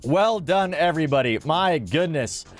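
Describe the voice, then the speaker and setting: A man's voice: a little high, lively intonation, normal speed. A man hosting a livestream, calling out bids in an auction with rhythmic, repeated phrases and upbeat chatter. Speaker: livestream host running a charity-style auction. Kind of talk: live stream auction calling. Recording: music playing faintly behind. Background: faint background music.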